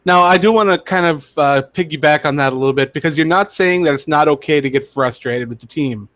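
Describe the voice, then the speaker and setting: A man co-hosting a sports podcast, calmly adding facts and context in casual chat. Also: fairly high pitch, no echo. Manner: quick, measured, corrects and adds facts. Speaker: podcast co-host.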